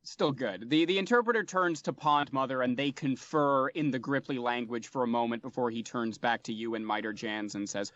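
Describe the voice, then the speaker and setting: A man's voice: medium pitch, moderate pace, hardly any pauses, dry recording. Man running a tabletop game, dull sound. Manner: relaxed, hesitant narration with fillers. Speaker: game master.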